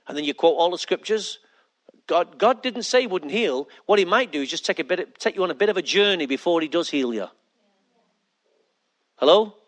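A male pastor delivers a sermon in a high voice. He is emphatic, drives his points home by repeating them, and keeps asking the congregation questions. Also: fairly bright tone.

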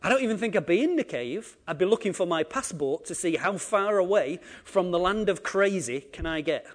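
Animated male preacher. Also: high-pitched, normal speed. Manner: animated, acts out quotes, shifts between loud and quiet. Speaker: pastor. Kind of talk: sermon.

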